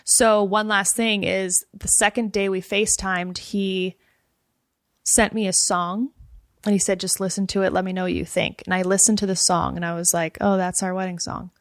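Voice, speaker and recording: A woman's voice: medium pitch, normal speed, no echo, clean studio sound. Chatty woman telling a story animatedly. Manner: animated storyteller, acts out quoted dialogue, fills with "like". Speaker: guest. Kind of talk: casual chat.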